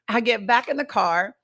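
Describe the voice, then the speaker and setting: An older woman hosting a livestream, chatting casually with her viewers as she tells a story. She talks to the audience directly in a relaxed, conversational way. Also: fairly high pitch. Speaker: livestream host. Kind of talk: casual storytelling to a live chat.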